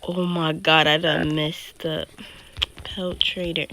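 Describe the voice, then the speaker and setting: A woman's voice: deep voice, flat delivery, takes it slowly, bright, forceful tone, a little hiss or hum. A woman casually talking through her own video game play, often dropping into a whisper. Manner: chatty, keeps drifting into whispers. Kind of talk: casual gameplay commentary.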